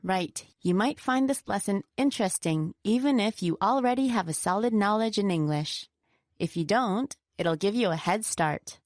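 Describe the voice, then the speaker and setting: A woman teaches word stress in a scripted lesson, with a middle-pitched voice. She says example words slowly and deliberately. The recording is dry and close, with no room echo. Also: lively intonation. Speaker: pronunciation teacher.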